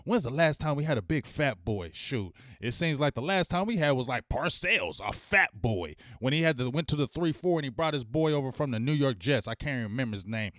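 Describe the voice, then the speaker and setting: A man's voice: a little high, no echo, clean studio sound. A man hosting a casual sports talk show, speaking in an emphatic, slangy way and repeating his points for effect.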